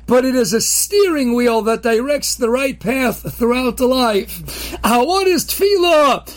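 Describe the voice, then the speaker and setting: A man with Orthodox Jewish English speech giving a short inspirational talk, animated, with sudden emphatic near-shouts and many filler sounds. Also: extremely high pitch, a little slow. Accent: Orthodox Jewish English with Hebrew and Yiddish terms. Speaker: rabbi giving daily inspiration.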